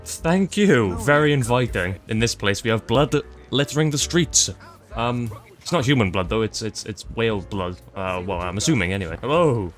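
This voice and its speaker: A man's voice: fairly low pitch, animated, normal speed, faint music behind. A young man giving playful let's-play commentary, joking, teasing enemies and repeating himself. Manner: jokey, laughs often, teases enemies, repeats phrases. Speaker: gaming streamer.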